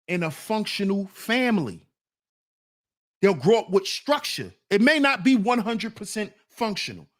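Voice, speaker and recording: A man hosting a podcast, giving blunt, profane, preachy commentary on manhood. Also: sits high. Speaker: podcast host. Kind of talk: casual commentary.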